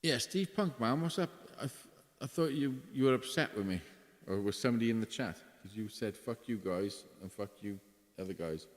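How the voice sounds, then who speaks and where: A musician streaming live, a man with a lowish, lively voice, chats casually between songs at a moderate pace with hardly any pauses. A little tipsy, he rambles, swears freely and addresses viewers by name, with long reverb and guitar music behind him.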